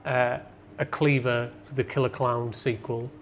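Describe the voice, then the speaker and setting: A man's voice: mid-range voice, flat delivery, a little slow, a little hiss or hum. A man, an independent filmmaker, talking casually in an interview with many hesitant ums.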